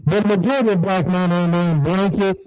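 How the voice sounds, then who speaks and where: A man with a slightly raised pitch and a dark, mellow tone co-hosts a laid-back podcast. He speaks in an emphatic cadence and repeats his phrases. The audio comes through muffled and distorted. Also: fairly even intonation, quick pace, clear, resonant tone. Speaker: podcast co-host. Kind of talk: casual podcast chat.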